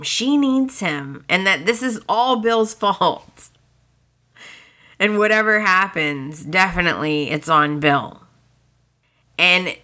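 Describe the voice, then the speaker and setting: A woman hosting a podcast, casually retelling soap opera scenes in an animated way and acting out the characters' lines. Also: fairly low pitch. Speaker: podcast host.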